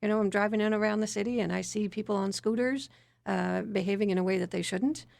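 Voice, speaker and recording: A woman's voice: mid-range voice, fast, creaky, no echo. A woman city councillor answering on a radio panel in a casual way, and she is losing her voice. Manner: casual, laughs lightly, relaxed delivery.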